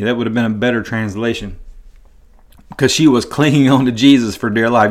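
A man teaches from the Bible in a relaxed, conversational way. His voice sits at an ordinary middle pitch. He stumbles over and repeats words as he thinks aloud, and he brings the scenes to life as he retells them. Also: moderate pace. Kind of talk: casual Bible teaching podcast.

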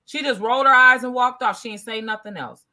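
A woman's voice: fairly high pitch, fairly quick, sharp tone. A woman in casual conversation, telling stories animatedly and acting out quoted exchanges.

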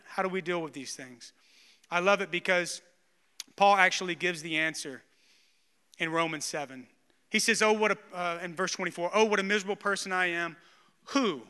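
Bright high-voiced preaching man, hall reverb. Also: clean tone. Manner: animated storyteller, self-deprecating humor, emphatic preaching. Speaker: pastor. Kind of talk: sermon with personal storytelling.

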